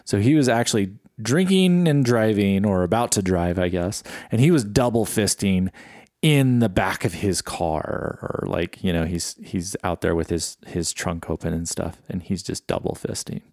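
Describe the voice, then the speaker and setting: A middle-aged man reflecting in a casual solo podcast monologue, halting and full of fillers and restarts. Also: low-pitched, a little mellow, dry recording, studio quality. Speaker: podcast host.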